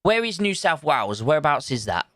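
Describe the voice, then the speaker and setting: A man's voice: on the high side, big pitch swings, fairly quick, a bit bright, dry recording. A man, chatting casually on a live stream, thinking aloud and greeting viewers from chat. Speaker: livestreamer.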